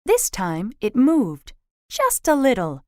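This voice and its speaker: A woman reads a children's storybook aloud, slow and clear, her voice moving up and down. The sound is close and dry. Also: a little high, huge pitch swings, no room sound.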